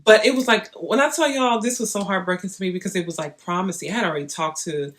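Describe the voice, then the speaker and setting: A young woman vlogging, chatting straight to her viewers in an animated, storytelling way. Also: medium pitch, fast. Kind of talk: casual storytelling to camera.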